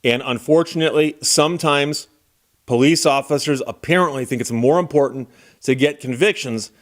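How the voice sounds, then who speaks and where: A man's voice: fairly high pitch, moderate pace. A man giving casual, wry legal commentary and talking straight to the viewer in a conversational way.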